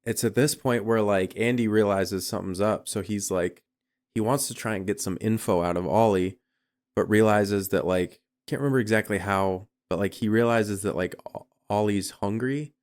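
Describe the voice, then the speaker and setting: A man's voice: lowish voice, steady tone, moderate pace, darkish tone. A man co-hosting a podcast, recapping a horror film in loose, profane chat full of fillers. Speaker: podcast co-host.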